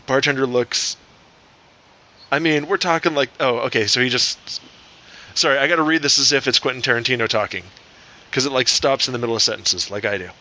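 A man's voice: mid-range voice, fairly quick, sharp tone. A man co-hosting a crude comedy podcast, rambling and playful as he reads out jokes. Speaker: podcast co-host.

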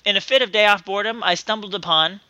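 A man's voice: high-pitched, quick pace, pushed and bright, smooth, no room sound. A man co-hosting a casual comedy podcast over a call, telling jokes in an exasperated, profane way. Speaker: podcast co-host. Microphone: remote call mic.

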